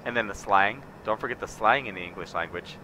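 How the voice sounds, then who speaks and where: A man's voice: fairly low pitch, fairly quick, pushed and bright. A man streaming a farming game, muttering wry casual commentary to himself as he plays. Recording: noisy background.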